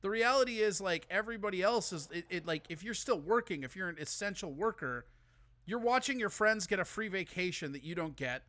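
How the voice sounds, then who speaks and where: A man's voice: high-pitched, expressive, fairly quick, sharp tone, no echo. A man from Minnesota hosting a live call-in show, rambling and swearing freely in casual chat. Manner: rambling, profane, ranting.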